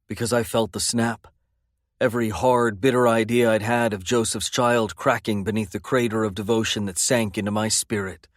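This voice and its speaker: A man's voice: on the low side, fairly even intonation, normal speed, dry recording, studio quality. A man narrating a first-person romance audiobook in an intense, brooding way.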